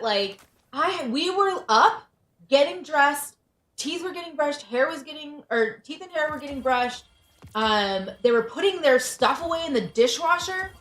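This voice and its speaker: A woman's voice: high-pitched, a bit bright. A woman in her thirties chatting casually as a livestream host, venting with frustration and frequent restarts. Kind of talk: casual chat. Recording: roomy echo, faint music behind.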